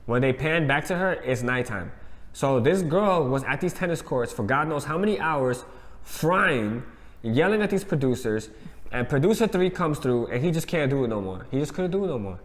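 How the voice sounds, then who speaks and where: A man co-hosting a casual reality TV review, animated and slangy, acting out what the cast said. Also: medium pitch, moderate pace, in a large hall. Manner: animated, acts out quotes with slang. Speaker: co-host.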